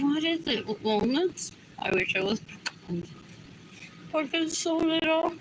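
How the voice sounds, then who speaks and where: A woman's voice: high voice, expressive, measured pace, slight background noise, rough recording. A woman livestreaming from her apartment in a rambling monologue. She repeats the same short question again and again and switches between English and Spanish mid-sentence.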